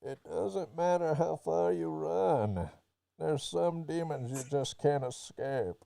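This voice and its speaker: A man's voice: fairly high pitch, slow, creaky, dark tone, dry recording, pitched above the performer's own voice, heavily acted. A man doing an impression of a masked villain's muffled voice as he narrates a motorcycle rider's lines on a podcast. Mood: menacing.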